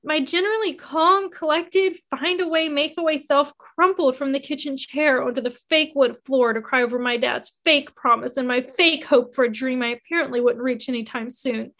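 A woman narrating a first-person memoir in an expressive reading that rises with emotion. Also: high-pitched, normal speed, few pauses.

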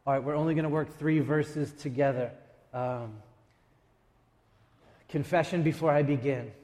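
A man preaching a sermon as a pastor, emphatic, with dramatic pauses and quick asides. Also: on the high side, fairly even intonation, a little mellow, in a large hall. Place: church sanctuary.

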